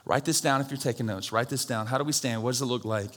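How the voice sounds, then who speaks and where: A man preaching a sermon to a congregation, moving from quiet, conversational teaching to loud, shouted exhortation and joking with the crowd. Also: medium pitch, quick pace. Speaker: pastor.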